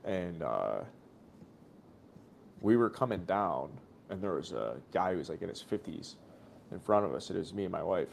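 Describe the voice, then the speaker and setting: A man's voice: low-pitched, very animated, normal speed, vocal fry, pauses often, darkish tone, a little hiss or hum. A man co-hosting a casual sports stream, telling a long rambling story full of swearing and acted-out quotes. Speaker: podcast co-host watching a game.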